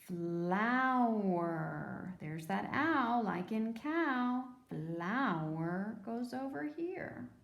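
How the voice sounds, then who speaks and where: A woman teacher giving a phonics lesson to young children, sounding out words slowly and patiently. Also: a little high, sing-song, vocal fry, reverberant, highs cut off.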